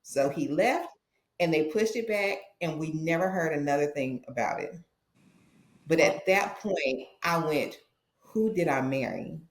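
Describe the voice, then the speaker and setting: A woman's voice: deep voice, measured pace. A woman guest on a podcast, telling a personal story and acting out the dialogue with feeling. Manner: animated, acts out dialogue in her stories. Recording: roomy echo.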